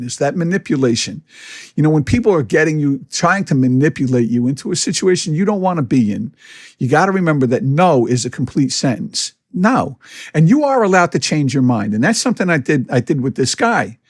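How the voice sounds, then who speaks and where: Blunt, candid man with a bright voice. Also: a little high, no room sound, studio quality. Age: 50s. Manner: blunt and candid, many restarts, acts out quoted voices. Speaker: podcast host. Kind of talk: casual monologue.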